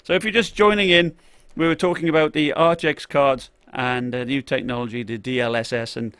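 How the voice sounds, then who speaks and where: A man's voice: medium pitch, steady tone, fairly quick, a bit bright, smooth, no echo. Rambling male tech streamer, dry sound. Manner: rambling, lots of fillers and restarts; reads out and greets viewers from chat. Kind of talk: live-stream chat.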